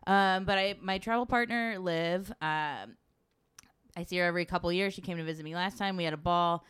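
Lady telling a travel story, kinda low smooth voice, super animated, swears a lot. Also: moderate pace. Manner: animated storyteller, swears freely, acts out quotes. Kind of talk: casual chat.

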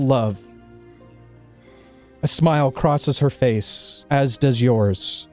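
Slow-spoken man narrating as game master. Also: mid-range voice, darkish tone, soft background music. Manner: slow, descriptive narration with hesitations. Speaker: dungeon master.

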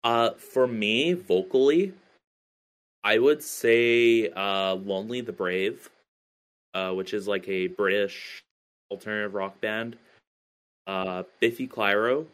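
Low-voiced man rambling hesitantly. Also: slow pace, fairly bright tone. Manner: hesitant, many fillers and restarts. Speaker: podcast guest, band singer. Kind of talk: casual interview chat.

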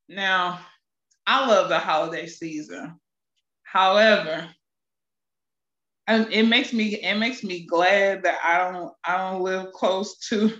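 A woman's voice: mid-range voice, fairly bright tone. A woman on a podcast panel, speaking reflectively and thinking aloud. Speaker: panel guest. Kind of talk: casual podcast discussion. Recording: roomy, dull lo-fi audio.

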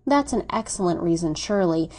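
A woman's voice: lowish voice, lively intonation, a little fast, darkish tone. A woman reading the part of an ardent, persuasive young male suitor who presses his case with insistent reasoning. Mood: pressing.

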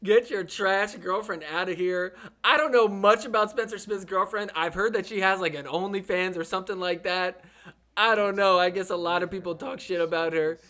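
A man hosting a podcast, giving casual, joking commentary over sports highlights. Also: fairly even intonation, a little fast, bright, forceful tone. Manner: playful, joking, laughs often. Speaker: podcast host.

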